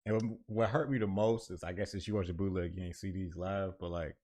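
A man's voice: low-pitched, steady tone, a little fast, dark tone. A man from Florida in a laid-back, agreeable casual chat about battle rap.

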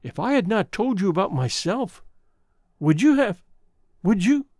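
A man's voice: high-pitched, very animated, a little slow, a little mellow, dry recording, studio quality, voice pushed up, exaggerated voice. A man reading the lines of a remorseful young woman, a former chorus singer, with an earnest, confessional manner.

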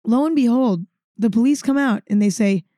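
A woman's voice: fairly high pitch, moderate pace, mellow, no room sound, studio quality. A woman vlogger telling a story to camera in a casual monologue, dramatic and emphatic, repeating words for effect and swearing freely.

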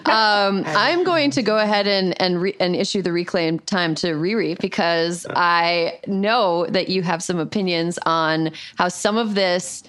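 A woman hosting a podcast panel, calmly passing the floor to a guest. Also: on the low side, clear, resonant tone. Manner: measured, handing the floor to guests. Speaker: podcast host moderating.

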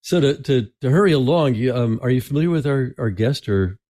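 A man hosting a podcast interview, talking casually with many restarts and throat clearing. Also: medium pitch, animated, brisk, dark tone, no echo. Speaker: podcast host.

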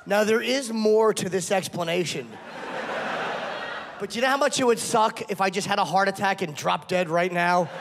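A man with a high voice performs crude, self-mocking stand-up comedy. He plays short bits in other voices. The set is caught live in a room with long reverb and clear crowd noise. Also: moderate pace. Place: comedy club stage before a laughing audience.

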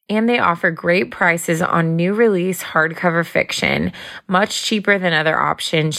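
A woman's voice: on the low side, gravelly, fairly bright tone. Giggly young woman, chatty podcast host. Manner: chatty, giggly, uses like a lot. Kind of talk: casual podcast chat with ad read.

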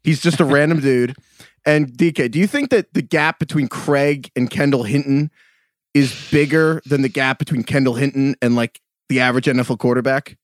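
Joking podcast host, dry close mic. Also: male voice, mid-range voice, normal speed, dry recording. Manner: joking, teasing. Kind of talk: casual sports podcast chat.

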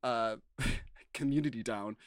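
An American man co-hosting a podcast chats loosely through a recap of a TV show, in a mid-range voice at a slow pace. He rambles and restarts, packing his sentences with "like" and "um." The recording is dry and close-miked.

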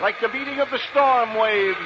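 Man declaiming verse on old radio. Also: normal speed. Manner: declamatory, swinging from booming shouts to hushed, somber tones. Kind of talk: dramatic recitation of verse. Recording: hissy, muffled old radio recording.

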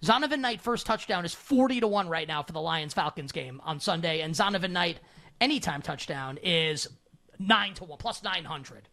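Bright-voiced, animated podcast host man. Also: on the high side, creaky. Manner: quick, animated, laughs often. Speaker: sports betting podcast host. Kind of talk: casual sports betting chat.

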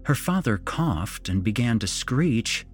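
A man narrating a suspense story aloud in an expressive reading voice. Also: medium pitch, slow pace, faint music behind.

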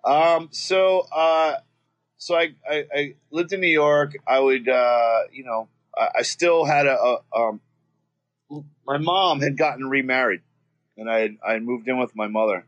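Man from Florida, rambling, swears a lot, restarts, average pitch. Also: measured pace, a bit bright, highs cut off. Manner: rambling and profane, with many restarts. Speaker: guest. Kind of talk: casual storytelling.

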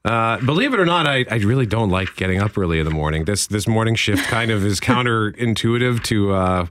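A man's voice: fairly low pitch, lively intonation, fairly quick, background noise. A man hosting a morning radio show, chatting casually with frequent fillers, restarts and laughs. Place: radio studio. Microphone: studio microphone.

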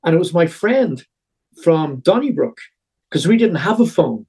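A man's voice: a little high, very animated, unhurried, creaky, warm tone, breathy edge. A middle-aged Irish man, a musician guest on a podcast, telling long rambling stories with plenty of fillers. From Ireland. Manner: rambling storyteller with many fillers. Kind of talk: podcast interview.

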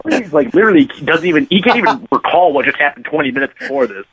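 Very fast and expressive, this man's slightly rough, a-bit-bright voice sits a little high as he rambles through a profane story, laughing. He's a bass player appearing as a podcast guest in a casual chat, recorded with phone-like lo-fi quality.

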